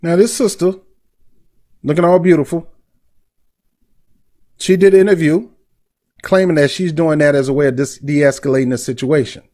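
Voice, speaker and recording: A man's voice: fairly high pitch, fairly even intonation, normal speed, long pauses, a little mellow, soft background music. A middle-aged man hosting a commentary vlog, blunt and indignant, with street slang. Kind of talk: heated commentary.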